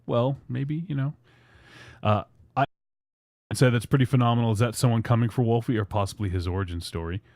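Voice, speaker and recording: A man's voice: medium pitch, a little fast, darkish tone, no room sound, studio quality. A man hosting a casual podcast, reading fan tweets aloud in a loose, rambling way. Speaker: podcast host.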